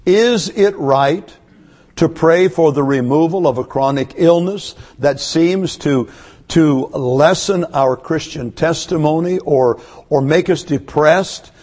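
A man's voice: a little high, takes it slowly, a little mellow. A man preaching a sermon to his church, emphatic and asking one rhetorical question after another. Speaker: pastor. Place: church service.

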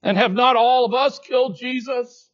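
A man preaching an expository sermon, slow and deliberate, dropping to hushed low tones and then rising to emphatic lines. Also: fairly even intonation, highs cut off.

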